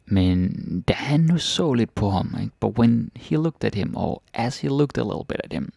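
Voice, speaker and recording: Guy reading a fairytale and explaining each word, gravelly voice, dry close sound. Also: medium pitch, expressive, moderate pace, dark tone, dry recording. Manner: explains word by word, often adds questioning tags. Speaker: language teacher. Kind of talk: reading and translating a fairytale for learners.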